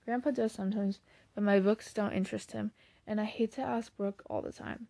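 A woman's voice: medium pitch, steady tone, fairly quick, vocal fry, dark tone. A woman voicing a shy teenage boy who is sick with a cold, giving short, glum answers.

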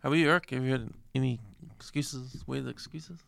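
A man co-hosting a podcast in casual chat, speaking haltingly with many restarts and ready laughter. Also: mid-range voice, steady tone, gravelly, fairly bright tone, no room sound. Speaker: podcast co-host.

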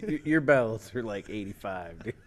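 A man's voice: lowish voice, animated, moderate pace. A man in casual chat, trading crude jokes with friends. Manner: crude, joking banter.

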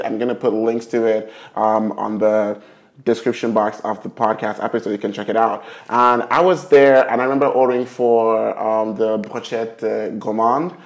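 A young man from Nigeria hosting a podcast, talking in a chatty, animated way with plenty of fillers. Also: medium pitch. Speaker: podcast host. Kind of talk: casual chat.

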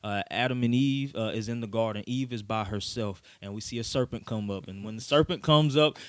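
A man casually retelling a Bible story in slang, animated and playful, recorded on a dry close mic. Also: lowish voice, fairly quick, dry recording.

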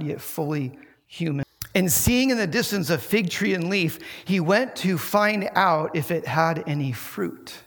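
Animated preacher man in an echoey hall. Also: fairly high pitch. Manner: animated storyteller, many filler likes. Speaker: pastor. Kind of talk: sermon.

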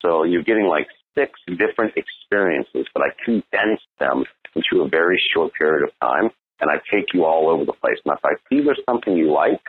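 A man's voice: very deep voice, lively intonation, fairly quick, few pauses, breathy edge. A man coaching on dating in a blunt, profane monologue, asking "right?" as he goes. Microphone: phone. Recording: tinny phone line.

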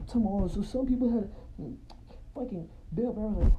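A man's voice: high voice, animated, moderate pace, background noise. A young man giving a heated, profane monologue, full of repeated "bro" and restarts. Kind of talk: ranting monologue to camera. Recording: roomy echo with faint ambience.

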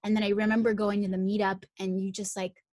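A woman's voice: medium pitch, fast, dry recording, clean studio sound. A young woman from Miami, an actress, tells an emotional personal story in a chatty way full of "like" and restarts. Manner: animated when retelling, rising excitement. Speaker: guest, actress.

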